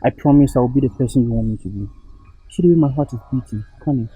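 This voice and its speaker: A man's voice: medium pitch, fast talker, mellow, slightly rough, dry recording, soft background music, close to an everyday voice, poor audio. A man playing a desperate young boyfriend who begs his girlfriend for another chance, with a Ghanaian accent. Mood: pleading. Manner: pleading, repeats her name.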